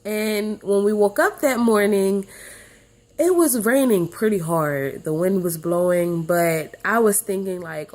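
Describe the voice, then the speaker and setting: A woman's voice: mid-range voice, measured pace. A young adult woman, a student, casually telling her classmates a personal story in a chatty way. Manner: chatty, animated when quoting others.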